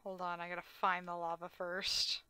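A woman's voice: lowish voice, monotone, moderate pace, bright, forceful tone, dry recording. A young adult woman streaming a game, chatting casually, teasing and laughing often and swearing playfully. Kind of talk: casual gaming chat.

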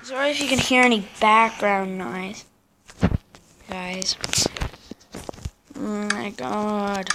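Excitable woman commentating a game, slow-talking. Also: mid-range voice, noisy background. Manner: excitable, bursts into yelps and repeated protests; casual slangy chatter. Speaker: gameplay commentator.

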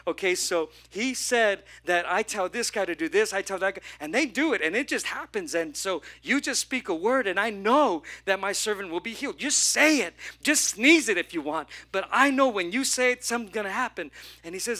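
A pastor delivers a lively sermon during a church service, acting out the characters in his story and putting questions to the congregation. His voice is high and his delivery a little fast.

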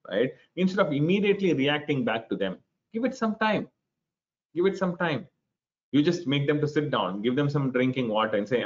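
A middle-aged man with an Indian English accent leads an online workshop in a mid-pitched, lively voice that keeps asking questions and repeating phrases. He speaks into a computer mic over a call, and the audio sounds slightly dull. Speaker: webinar speaker and trainer. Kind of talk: interactive online workshop talk.

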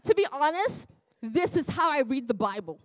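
A woman's voice: sits high, big pitch swings, normal speed, a bit bright, no echo. A woman preacher delivering a sermon in a church, often laughing, breaking off and exclaiming to herself. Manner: laughing, self-interrupting, exclamatory.

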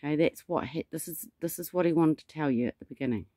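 A man's voice: fairly high pitch, fast, dark tone, no echo, clean studio sound. A man delivering a rambling spiritual monologue, telling stories with dramatic asides. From New Zealand. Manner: meandering storyteller, dramatic asides. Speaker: self-styled prophet.

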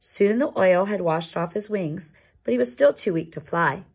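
A woman reading a children's picture book aloud in a calm, expressive storytelling manner. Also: medium pitch, moderate pace, breathy edge. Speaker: storybook reader.

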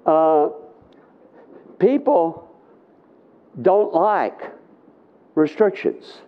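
A middle-aged man leads a live conference Bible teaching in an unhurried, conversational way, often pausing to ask his listeners "okay?". His voice sits a little high for a man. The sound is thin and tinny, like a phone line. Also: lively intonation.

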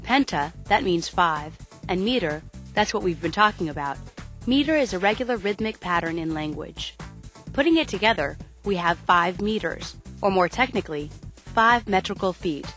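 A woman's voice: on the low side, animated, moderate pace, fairly bright tone, soft background music. A woman giving scripted educational narration, breaking ideas down step by step.

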